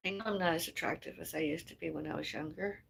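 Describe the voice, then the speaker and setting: A woman's voice: deep voice, steady tone, quick pace, gravelly, a bit bright, a little hiss or hum. A woman chatting casually on a livestream. She rambles and muses aloud, trails off mid-thought, and sighs between ideas.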